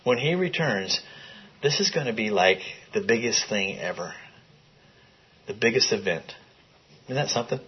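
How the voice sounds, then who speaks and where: A man's voice: fairly low pitch, lively intonation, normal speed, long pauses, a little hiss or hum. A man leading a Bible study, reading scripture aloud and putting questions to a small group in the room. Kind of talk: interactive Bible teaching. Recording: dull lo-fi recording.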